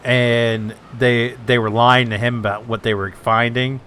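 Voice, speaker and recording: A man's voice: mid-range voice, flat delivery, unhurried, pushed and bright, slight background noise. A man hosting a gaming channel, chatting casually with a friend and laughing often as he retells TV scenes. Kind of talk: casual chat while gaming.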